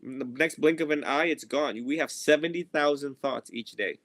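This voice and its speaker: A man's voice: a little high, normal speed, a bit bright, no room sound. Casual monk guy teaching his group, jokey, acts out his students, dry close voice. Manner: playful, laughs often, mimics students. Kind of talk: casual dharma talk. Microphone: video or phone call.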